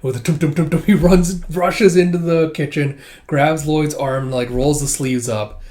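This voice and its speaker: A man's voice: fairly high pitch, fairly even intonation, unhurried, a little mellow. A man casually reading a comic aloud and retelling it with a chatty "he's like" delivery. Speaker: comic reader and commentator. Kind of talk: casual comic read-through.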